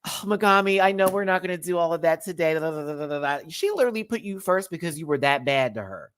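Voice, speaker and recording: Sassy animated man ranting live. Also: on the high side, quick pace, clean tone. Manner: sassy, animated, swears often, slips into campy impressions; reads out and answers viewer chat. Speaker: host of a live review stream. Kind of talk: casual live-stream commentary.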